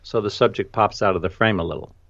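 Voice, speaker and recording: A New York–accented podcast host and photographer chats casually over a video call, laughing easily and saying "you know" a lot. His voice sits on the low side, quick and a bit bright, in a dry recording with dull audio.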